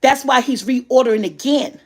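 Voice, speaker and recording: A middle-aged woman vlogger telling a story in a casual chat, animated and often laughing. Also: sits high, moderate pace.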